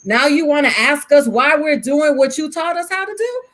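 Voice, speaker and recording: A woman's voice: high voice, lively intonation, normal speed, fairly bright tone. A woman from Miami, a panel guest, speaking with fiery emphasis and piling up rhetorical questions. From Miami, Florida. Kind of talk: impassioned panel discussion.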